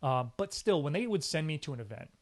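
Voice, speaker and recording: A man, a sports anchor, telling career stories in a casual interview, energetic and emphatic, often acting out what people said. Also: on the high side, fast talker. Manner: animated storyteller, often acts out quoted speech. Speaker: sports anchor and reporter, podcast guest.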